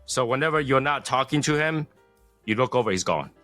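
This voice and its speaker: A man co-hosting a casual podcast chat, telling stories and acting out scenes with lively energy. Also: mid-range voice, a little fast, no room sound, soft background music. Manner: animated storytelling, acts out scenes. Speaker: podcast co-host.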